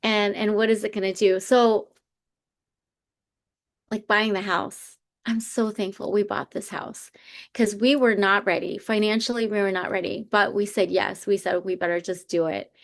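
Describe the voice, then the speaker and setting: A woman's voice: mid-range voice, a little slow. A woman co-hosting a podcast, chatting casually and earnestly retelling a personal story. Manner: earnest, reflective, retells stories with animated quotes. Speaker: podcast co-host.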